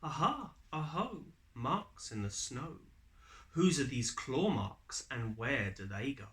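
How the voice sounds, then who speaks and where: A man voicing a small, curious and brave young female gruffalo in a storybook reading, asking eager sing-song questions. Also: mid-range voice, expressive, slow, fairly bright tone. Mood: inquisitive.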